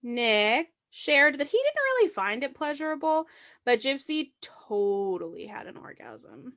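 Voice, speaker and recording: A woman hosts a casual true-crime podcast and tells the story in an animated way. Her voice sits a touch high and swings widely in pitch. She laughs easily between points. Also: measured pace. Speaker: podcast host.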